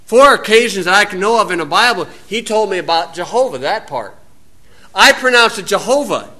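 A man's voice: sits high, lively intonation, a little fast, pushed and bright. A man with an American accent giving an informal, folksy Bible teaching outdoors, wandering into asides and rising to emphatic preaching.

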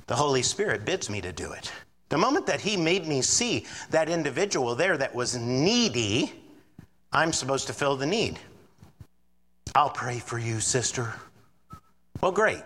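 A man's voice: medium pitch, normal speed, big-room sound. A man preaching a sermon as pastor, acting out the voices of doubters and worriers as he goes. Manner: animated preaching, acts out quoted doubters.

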